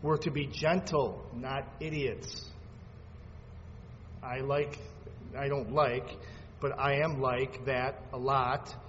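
A man preaching a sermon, swinging between fervent loud peaks and quiet asides as he reads scripture aloud. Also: mid-range voice. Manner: reads scripture aloud in old-fashioned phrasing. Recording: dull lo-fi sound with long hall reverb and faint background noise.

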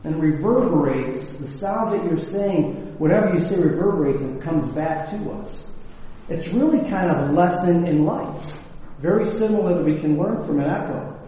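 A man's voice: on the high side, normal speed, dark tone. A man preaching a sermon as a pastor, talking conversationally with filler words and light humor, recorded at a podium microphone in a church hall. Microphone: mounted microphone at a podium. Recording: echoey hall, dull lo-fi sound, faint noise.

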